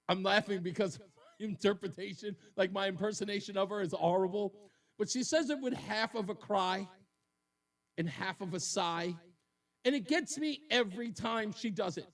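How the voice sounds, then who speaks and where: A man's voice: sits high, normal speed, fairly bright tone. A man hosting a call-in radio talk show, joking and laughing often. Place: radio studio.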